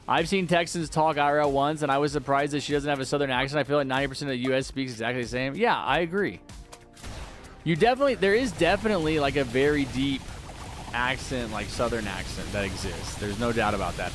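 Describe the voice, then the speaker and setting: A man's voice: mid-range voice, fast, fairly bright tone, faint music behind. A man live-streaming a game, chatting casually and answering viewers' messages aloud.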